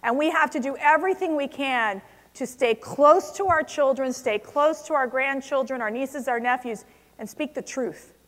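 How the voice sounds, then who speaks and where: A woman's voice: high voice, normal speed, fairly bright tone. A woman giving a passionate speech to a conference audience, stressing words hard. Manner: passionate, emphatic, rising to strong stresses. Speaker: conference speaker. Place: large convention hall. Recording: long hall reverb.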